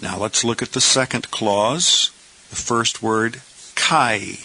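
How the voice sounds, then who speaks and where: A man teaching pronunciation in a slow, patient lesson, saying each word deliberately and repeating it for the listener. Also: medium pitch, vocal fry, sharp tone, rough recording. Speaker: Greek teacher.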